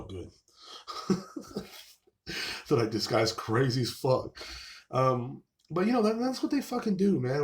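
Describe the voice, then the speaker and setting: A man talking straight to camera on his own show, rambling and cursing as he vents. He leans on sarcasm and keeps circling back with filler phrases. His voice sits at an ordinary middle pitch for a man. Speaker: show host. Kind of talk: casual monologue vlog.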